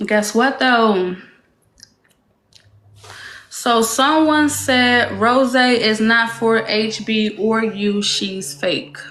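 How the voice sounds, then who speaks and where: A woman's voice: a little high, drawn-out words, a bit bright. A woman hosting a casual live stream, talking in a defiant, drawling way. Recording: roomy echo with faint noise.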